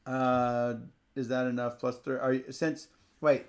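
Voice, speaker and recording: A man's voice: medium pitch, little pitch movement, measured pace. A playful man co-hosting a tabletop card game playthrough, reading card text aloud and laughing often. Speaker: co-host teaching a card game.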